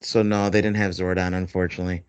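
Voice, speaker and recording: A man's voice: low voice, little pitch movement, quick pace, clear, resonant tone, dry recording. A man hosting a podcast in casual chat, rambling with lots of fillers and frequent laughs. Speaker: podcast host. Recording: dull dry lo-fi recording.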